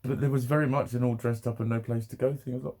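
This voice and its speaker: A man's voice: medium pitch, fairly even intonation, quick pace, dark tone. A man rambling emotionally in a personal vlog, laughing often and swearing a lot. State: emotional, near tears. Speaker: vlogger.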